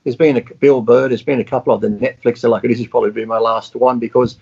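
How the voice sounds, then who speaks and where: A man's voice: mid-range voice, steady tone, quick pace, vocal fry, a little mellow, slightly rough. A man in casual chat, blunt and profane, telling stories with animation. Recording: dull lo-fi sound.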